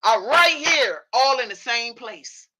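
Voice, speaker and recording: A woman's voice: a little high, animated, slow, bright, forceful tone, husky. A woman hosting a livestream, giving an impassioned monologue built on a long analogy and often asking listeners whether they follow her. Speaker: livestream host.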